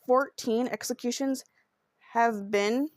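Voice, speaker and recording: A woman's voice: a little high, steady tone, takes it slowly, no room sound, studio quality. A woman hosting a true crime podcast, narrating a case in an earnest, emotional and heartfelt way. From Oklahoma.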